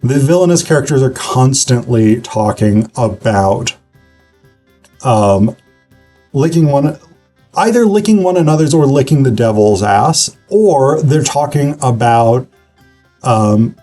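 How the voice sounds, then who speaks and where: A man's voice: mid-range voice, lively intonation, slow, dark tone, soft background music. A man giving a casual online literature lecture, talking conversationally with frequent fillers and restarts.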